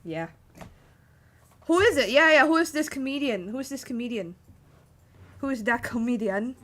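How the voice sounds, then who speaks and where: A woman's voice: sits high, animated, moderate pace, fairly bright tone. A woman composer chatting casually with her livestream viewers, rambling with many fillers as she answers chat.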